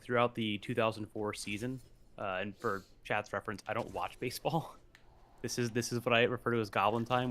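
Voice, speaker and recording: A man's voice: fairly low pitch, fairly bright tone. A man chatting casually as a stream co-host, rambling with many fillers and restarts. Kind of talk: casual chat.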